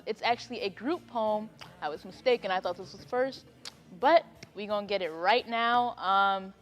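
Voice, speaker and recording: A woman's voice: medium pitch, in a large hall. A woman hosting an online poetry event in a chatty, casual way, with laughing asides and fillers. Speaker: host. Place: home, on a video call.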